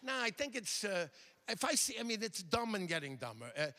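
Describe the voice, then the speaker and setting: An older man doing a stand-up routine on a theater stage, animated and slipping into quick impressions of other people. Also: high-pitched. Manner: animated, mimics characters in quick asides. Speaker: stand-up comedian. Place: theater stage before a live audience.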